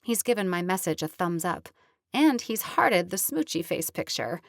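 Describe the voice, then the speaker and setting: A woman's voice: lowish voice, expressive, moderate pace, gravelly, no echo, studio quality. Woman narrating a romance audiobook. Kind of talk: scripted first-person narration.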